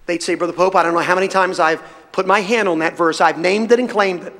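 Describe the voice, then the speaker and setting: A man's voice: high-pitched, fairly even intonation, fast, fairly bright tone. A man preaching a sermon to a congregation, fervent and emphatic, his voice rising in bursts as he presses his points. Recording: reverberant hall sound.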